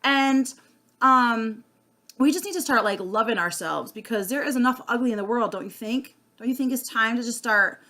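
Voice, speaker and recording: A woman's voice: on the high side, moderate pace, bright, forceful tone. Earnest, chatty woman vlogger. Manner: earnest, chatty, many fillers and restarts. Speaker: sales consultant vlogger. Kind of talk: unscripted casual monologue.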